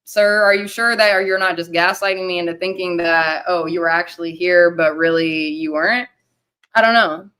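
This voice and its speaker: A young woman hosting a casual livestream, rambling loosely, swearing and giving shout-outs to the chat. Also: lowish voice, moderate pace, clean tone. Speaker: livestream host.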